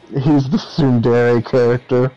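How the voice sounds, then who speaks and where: A man's voice: medium pitch, warm tone. A man co-hosting a game stream, playful and teasing in casual chat. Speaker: co-host. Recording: dull, lo-fi sound.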